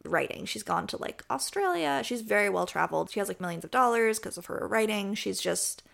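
A woman's voice: medium pitch, expressive, brisk, creaky, fairly bright tone. A woman co-hosting a podcast, chatting casually about romance books in a chatty, self-deprecating way. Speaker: podcast co-host. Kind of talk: casual book chat.

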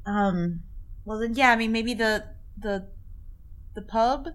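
A woman's voice: on the high side, takes it slowly. A woman playing a tabletop role-playing game, talking hesitantly with many fillers. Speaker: player. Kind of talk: casual tabletop play.

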